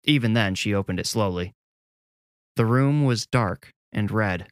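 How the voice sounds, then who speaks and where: A man reading a scripted horror story in a measured, deliberate way. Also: fairly low pitch. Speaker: narrator.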